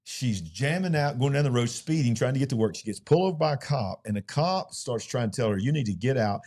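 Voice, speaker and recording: A man's voice: mid-range voice, lively intonation, fast talker, a little mellow. A man co-hosting a Christian ministry show, reviewing a film in casual chat and speaking emphatically, often repeating words as he gets going.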